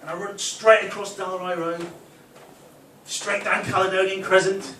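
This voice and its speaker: A man's voice: sits high, level tone, normal speed, a bit bright. Man doing stand-up in an echoey club. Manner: storytelling with frequent "right?" tags. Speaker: stand-up comedian. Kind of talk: stand-up comedy set. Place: football club function room with a live audience. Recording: echoey room from far off, noisy ambience.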